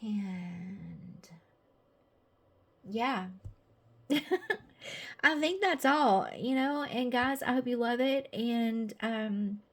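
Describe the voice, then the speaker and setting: A Southern American woman talks in a casual, gushing way, full of fillers and small restarts. Her voice sits on the high side, and she speaks at a slow, unhurried pace. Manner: chatty, gushing, many fillers. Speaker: tarot deck creator. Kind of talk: casual video presentation.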